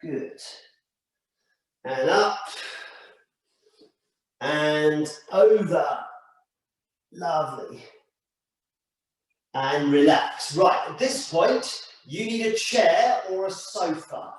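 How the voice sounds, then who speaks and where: A man leading a stretching class with slow, calm step-by-step cues. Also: fairly high pitch. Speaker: stretching instructor. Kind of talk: guided exercise class. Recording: echoey room, mic far off.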